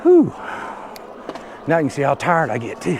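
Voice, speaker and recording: A middle-aged man, puffing and out of breath, giving folksy commentary while riding an e-bike outdoors on an action camera mic. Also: mid-range voice. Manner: folksy, slow drawl with rural Southern phrasing. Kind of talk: casual ride commentary. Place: outdoors on a road, riding uphill. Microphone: action camera mounted on a stick. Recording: outdoor wind and traffic noise.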